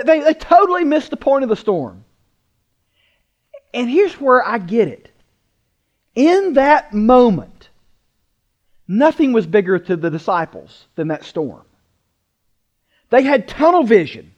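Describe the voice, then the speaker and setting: A man preaching a sermon, emphatic, asking rhetorical questions and slowing down to stress words. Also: sits high, muffled recording. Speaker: pastor.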